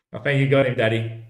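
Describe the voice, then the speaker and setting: A man's voice: medium pitch, roomy sound, slight background noise. A man talking in a loose, drifting solo monologue, repeating himself and tossing in "mate" often. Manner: repetitive, keeps saying "mate" and "bloody hell"; loose, drifting talk with frequent laughs. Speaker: vlogger.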